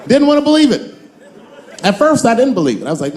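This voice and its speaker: A man in his forties performing a stand-up comedy set on stage, telling a long story and jumping into high-pitched voices for the characters. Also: very animated, quick pace, pauses often, a little mellow. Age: 40s. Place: large theater stage with a live audience.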